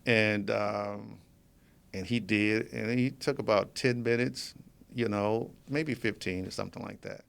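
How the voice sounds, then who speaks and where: A man's voice: on the low side, steady tone, unhurried, vocal fry, a bit bright. A man being interviewed as a guest in a studio, telling his story casually and with animation, often laughing as he talks. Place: media studio.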